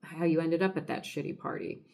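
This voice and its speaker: A woman puts on an exasperated young comic-book man who shoots back quick retorts. He speaks in a lowish voice close to her own. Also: fairly even intonation, darkish tone.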